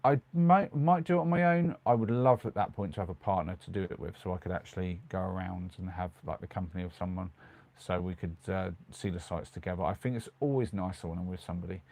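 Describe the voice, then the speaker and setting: The speaker is a middle-aged man with a British accent, reading comments on a casual live stream from his small converted van at night. He talks fast in a deep, slightly mellow voice, full of ums and restarts.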